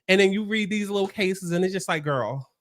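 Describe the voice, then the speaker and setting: A woman's voice: mid-range voice, fairly quick, dry recording. A woman hosting an opinionated pop-culture commentary, talking bluntly and emphatically with plenty of profanity. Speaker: commentary host.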